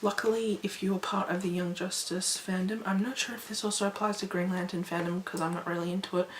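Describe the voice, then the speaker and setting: A woman's voice: lowish voice, fairly quick. Chatty young woman in an echoey room. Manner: chatty, rambling, animated. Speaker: vlogger. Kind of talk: casual talk to camera. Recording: echoey room, faint background noise.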